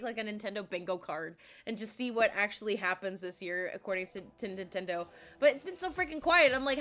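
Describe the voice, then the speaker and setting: A young woman streaming live, her voice high and bright even through a slight hoarseness that makes it crack now and then. She chats bubbly and giggly with her viewers, with faint music playing under her. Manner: bubbly, giggly, greets chat excitedly. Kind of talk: casual live-stream chat.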